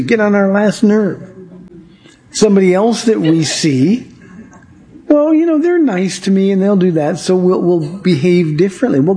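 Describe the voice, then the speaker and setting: A man teaching a Bible study, earnest and emphatic, leaning on key words by slowing right down. His voice sits somewhat high for a man, yet sounds mellow and warm. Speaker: Bible teacher and radio show host.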